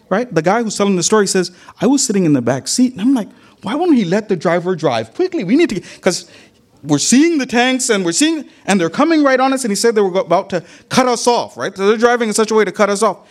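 Animated, high-voiced man giving a sermon. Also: a little fast. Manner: animated retelling, sprinkled with Arabic religious phrases. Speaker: religious lecturer. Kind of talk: sermon with storytelling.

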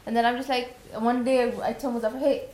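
High-voiced chatty young mother vlogging. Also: fairly quick, heavy background noise. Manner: chatty and animated, full of fillers. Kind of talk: casual family vlog chat.

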